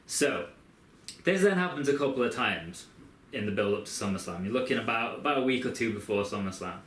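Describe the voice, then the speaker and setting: A man's voice: on the low side, a bit bright, a little hiss or hum. A man co-hosting a podcast, rambling as he tells a long scenario in casual chat. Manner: rambling, storytelling play-by-play. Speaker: podcast co-host. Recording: echoey room.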